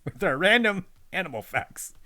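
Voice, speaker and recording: A man's voice: sits high, lively intonation, moderate pace, sharp tone. A man co-hosting a casual podcast from his spare bedroom, reading random facts with joking asides. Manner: jokey, reads facts aloud with playful asides. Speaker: podcast co-host. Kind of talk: casual chat.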